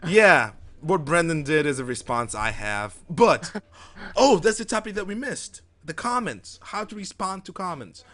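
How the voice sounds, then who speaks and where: A man's voice: on the high side, animated, measured pace, bright, forceful tone. A man from Europe co-hosting a live gaming show, rambling and joking in casual banter full of fillers and restarts.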